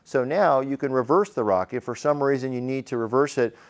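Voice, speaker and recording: Male emergency medicine teacher, smooth tone, chatty classroom lecture full of fillers. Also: medium pitch, brisk. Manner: conversational, questions the class, frequent fillers.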